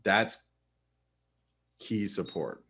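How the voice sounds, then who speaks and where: Low-voiced man giving casual chart commentary. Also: expressive, very slow, fairly bright tone, slightly rough. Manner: casual, chatty, talks straight to viewers; frequent restarts and filler. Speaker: host and market analyst. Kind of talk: live webinar chart commentary.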